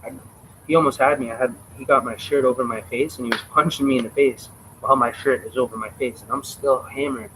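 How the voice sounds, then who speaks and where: A man's voice: mid-range voice, steady tone, fast talker, a bit bright, slight background noise, rough recording. A man telling a personal story on a live stream in casual, profane street slang. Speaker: livestreamer.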